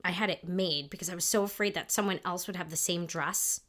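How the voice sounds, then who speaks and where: A middle-aged woman co-hosting a couples podcast, telling high school stories in an animated way and laughing along. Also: a little fast. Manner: animated, laughs through her own stories. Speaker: podcast co-host. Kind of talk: casual storytelling chat.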